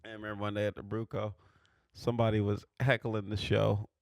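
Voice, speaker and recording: A man's voice: lowish voice, flat delivery, brisk, no room sound, studio quality. A man on a comedy podcast, laughing a lot as he tells a story and acts out other people's lines. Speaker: comedian guest. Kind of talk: casual podcast chat.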